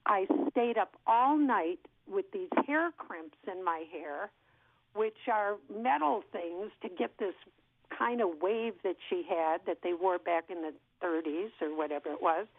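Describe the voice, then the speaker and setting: A woman in her sixties, an actress, telling an animated story in an interview and acting out what people said. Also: fairly low pitch, measured pace, no echo. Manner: lively storyteller who acts out what people said. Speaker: actress guest. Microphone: telephone. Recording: tinny phone line.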